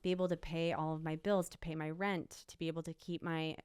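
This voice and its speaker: A woman's voice: sits low, flat delivery, brisk, a little mellow, clear, resonant tone, no room sound, clean studio sound. A young woman, an interview guest, emphatically retelling a personal story and quoting what people said. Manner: emotional, emphatic retelling with quoted dialogue.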